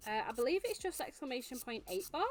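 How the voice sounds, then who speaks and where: A woman's voice: high-pitched, animated, quick pace. A British woman hosting a casual live stream, chatty, swearing and laughing often. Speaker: streamer host. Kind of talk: casual chat.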